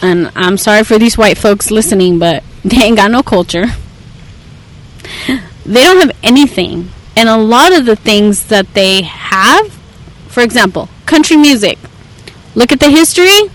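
A woman's voice: on the high side, measured pace, low-quality recording. A young woman, a therapist, talking candidly and with animation as a podcast guest. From United States. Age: young adult. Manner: candid, animated, mixes Spanish into English. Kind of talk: casual conversation.

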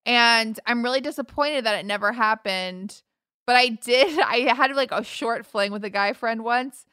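A woman's voice: on the high side, a little slow, smooth, no room sound, studio quality. A woman in her thirties chatting casually and candidly, telling stories with laughs and acted-out quotes. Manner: candid, laughing, animated storytelling. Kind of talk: casual podcast chat.

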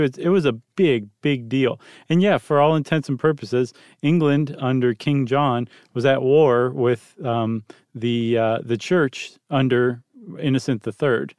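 A man's voice: mid-range voice, unhurried, a little mellow, no echo. A man co-hosting a podcast, talking casually through history with many ums and dry jokes. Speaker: podcast co-host.

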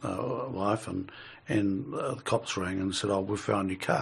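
This is a middle-aged man, sharing a long anecdote in relaxed chat. His voice is gravelly and slightly husky, and he laughs softly as he talks, with plenty of restarts. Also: medium pitch, slow pace. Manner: rambling, chuckles while telling stories. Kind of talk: casual storytelling chat.

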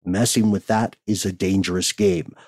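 A man's voice: fairly low pitch, very animated, normal speed, creaky, a little mellow, no echo. A man hosting a podcast, reading listener letters aloud and chatting casually, often laughing.

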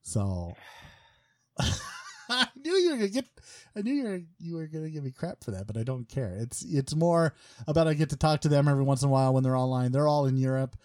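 Joking podcast host, slightly high voice. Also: male voice, animated, a little fast, a little mellow, no echo, studio quality. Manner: rambling, joking, many fillers and restarts. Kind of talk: casual podcast chat.

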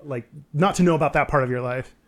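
A man interviewing a guest, asking gentle questions and giving brief murmured responses. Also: medium pitch, fast talker.

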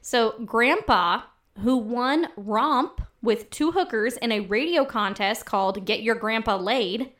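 A woman co-hosting a casual podcast, chatty and quick to laugh, often trailing off mid-sentence. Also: on the high side, fairly bright tone. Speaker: podcast co-host. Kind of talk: casual chat.

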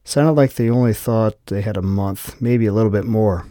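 A jittery male security guard, wary and cursing, as a male narrator plays him in a low, steady voice. He pushes back hard and sounds close to bolting. The read is dry and close, with no room around it. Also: moderate pace, no echo, close to an everyday voice. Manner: exasperated, cursing.

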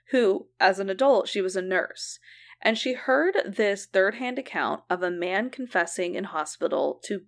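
A woman co-hosting a casual podcast, telling a true crime case, swearing and laughing easily. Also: on the low side. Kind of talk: casual chat.

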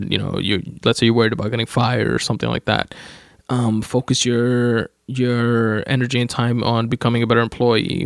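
A man's voice: medium pitch, gravelly, dry recording, studio quality. A young man with a full-time job talking casually through self-help advice, rambling with many restarts and fillers. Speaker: podcast host reading his own writing.

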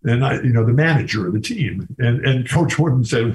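A man's voice: mid-range voice, lively intonation, moderate pace, a little mellow, poor audio. An older man, a former college basketball player, talking as a guest in a casual interview, telling enthusiastic stories with many restarts.

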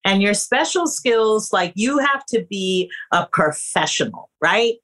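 A woman's voice: mid-range voice, lively intonation, unhurried, a bit bright. A woman acting coach and casting director giving emphatic, conversational advice to actors on a podcast. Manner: emphatic, conversational, addresses listeners as you guys.

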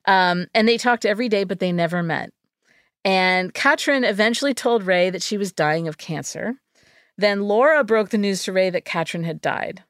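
A woman's voice: mid-range voice, normal speed, a bit bright, smooth, dry recording. A woman spins a story for her co-host in a loose, joking way, sprinkled with fillers. Her voice sits mid-range and sounds close and dry, with no room around it. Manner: wry, jokey, with fillers like "um" and "like". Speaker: podcast host telling a story. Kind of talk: casual storytelling chat.

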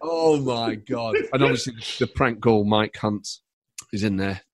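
A man's voice: medium pitch, measured pace. A man, a stand-up comedian guest on a podcast, chatting casually and laughing often as he tells enthusiastic stories.

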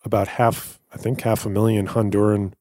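A man's voice: on the low side, level tone, normal speed, mellow, dry recording, studio quality. A man co-hosting a podcast, giving blunt, joking opinions in casual talk. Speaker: podcast co-host. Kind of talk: casual political chat.

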